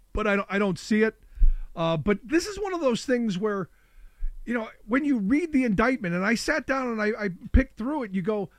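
Higher-voiced talk show host with a sick voice. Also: male voice, dry recording. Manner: casual, chatty, quick asides. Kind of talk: call-in political talk.

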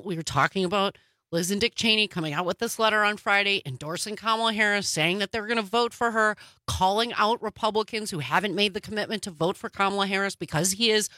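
A woman co-hosting a casual political talk show, with a sarcastic manner and quick asides. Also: mid-range voice, sharp tone, no room sound.

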